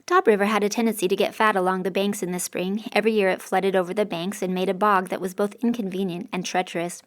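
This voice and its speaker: A woman's voice: medium pitch, little pitch movement, fast talker. A woman reading a first-person novel aloud as an audiobook narrator, with a dry, sardonic delivery.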